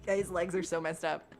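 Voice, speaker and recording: A young woman streaming a life-sim game, chatting to her viewers and often squealing with excitement. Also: fairly low pitch. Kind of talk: gaming livestream chat. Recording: faint background game music.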